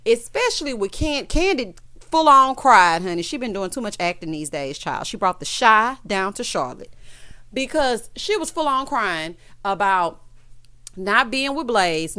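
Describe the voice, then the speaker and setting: A woman hosts a casual TV recap, sassy and dramatic, calling her viewers honey and child as she tells the story and acts out quotes. Her voice is mid-range, clear and resonant, at a moderate pace.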